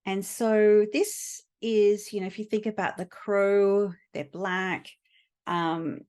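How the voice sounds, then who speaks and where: Slow-talking woman lecturing with many fillers. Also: mid-range voice, fairly even intonation, a little mellow, clear, resonant tone. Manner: unhurried, many fillers and pauses. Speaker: astrology teacher. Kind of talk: recorded lecture.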